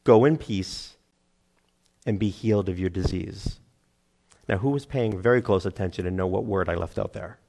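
A middle-aged man preaching a sermon, animated, acting out crowd voices and laughing at himself. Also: fairly low pitch, moderate pace, creaky. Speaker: pastor.

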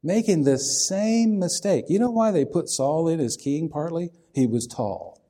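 Male preacher, mellow tone, folksy sermon delivery that asks the listeners questions. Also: on the high side, animated, unhurried.

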